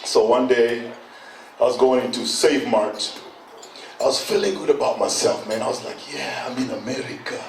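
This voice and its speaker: A middle-aged Kenyan man doing stand-up storytelling, animated, acting out voices and bursting into shouts. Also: mid-range voice, normal speed, far from the mic. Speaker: stand-up comedian. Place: event hall on stage. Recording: echoey hall, mic from afar, noisy.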